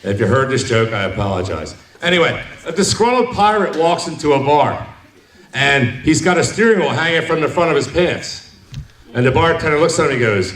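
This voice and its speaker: A man's voice: medium pitch, sing-song, fairly quick, a bit bright. A man in his forties doing a stand-up set at a bar, joking and teasing the crowd. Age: 40s. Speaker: stand-up comedian. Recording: echoey hall, mic from far, crowd.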